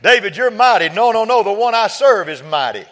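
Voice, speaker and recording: A man preaching a sermon, quoting scripture and building from quiet talk to fervent shouting. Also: high voice, big pitch swings, fairly quick.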